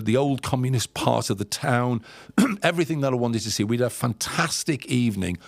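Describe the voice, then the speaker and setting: In a dry recording, a middle-aged Englishman with a mid-range voice tells a rambling anecdote in a casual way, repeating words and acting out what people said. He's a podcast guest sharing travel stories.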